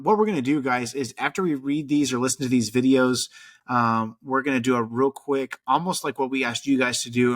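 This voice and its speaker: A man hosting a podcast, talking in a relaxed, rambling way with lots of fillers. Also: mid-range voice. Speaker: podcast host. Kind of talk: casual chat.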